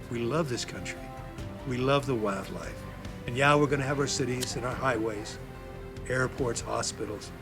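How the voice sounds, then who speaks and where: A man speaking earnestly in a documentary interview. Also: medium pitch. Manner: earnest, heartfelt.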